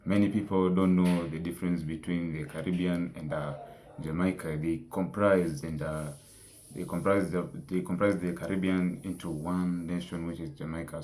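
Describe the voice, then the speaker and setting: A man introduces his reaction video with a very low voice that stays flat. He hesitates often, filling gaps as he talks. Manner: hesitant, with fillers. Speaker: reaction channel host.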